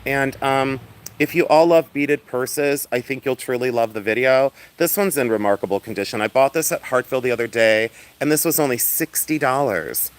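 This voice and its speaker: Loud, flamboyant man chatting on a livestream. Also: medium pitch, normal speed. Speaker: livestream host selling and showing jewelry. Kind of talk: casual livestream chat. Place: outdoors in the sun.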